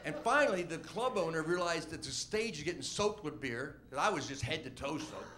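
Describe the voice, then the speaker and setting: A comedian telling a rambling, animated story about his early stand-up gigs. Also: fairly high pitch, a little fast. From Washington D.C. area. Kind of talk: storytelling interview.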